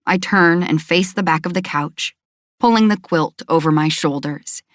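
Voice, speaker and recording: Low-voiced woman narrating a romance audiobook. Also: normal speed, no echo, studio quality. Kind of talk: first-person romance narration.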